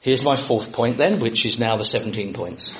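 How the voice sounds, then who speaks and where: A British man preaching to fellow preachers in a lively, humorous way, sometimes shouting for comic effect. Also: medium pitch, normal speed, reverberant, noisy background. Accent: British English. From Britain.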